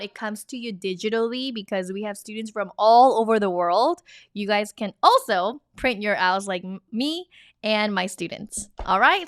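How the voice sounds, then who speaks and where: A woman's voice: mid-range voice, pushed and bright, no echo, clean studio sound. A woman teaching a lesson online, upbeat and chatty, repeating each new word for learners to say along. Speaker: Korean language teacher.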